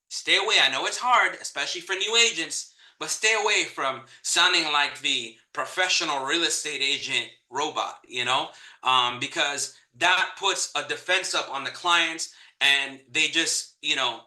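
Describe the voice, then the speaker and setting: Energetic male trainer, tense bright tone, echoey room. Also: a little high. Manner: energetic, repeats key points for emphasis. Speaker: real estate trainer. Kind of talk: live online training talk.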